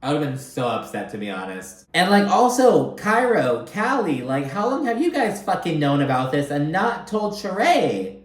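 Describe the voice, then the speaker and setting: A man's voice: a little high, normal speed. A man casually recapping a reality TV episode, chatty and profane, often acting out what people said. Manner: profane, animated, chatty, often acts out quotes. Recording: echoey room.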